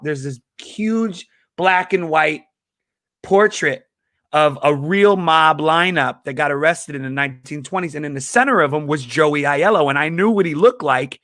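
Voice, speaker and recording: A man telling a story as a comedian guest, animated, laughing often and acting out the people he quotes. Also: a little high, no echo, clean studio sound. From Chicago. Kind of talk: casual storytelling in an interview.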